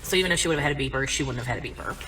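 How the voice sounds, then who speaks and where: Young woman rambling thru a funny story, bright voice, lots of ups and downs, mic bit far w faint hiss. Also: rumbling low, racing. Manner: chatty, animated, peppered with "like". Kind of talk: casual comic storytelling.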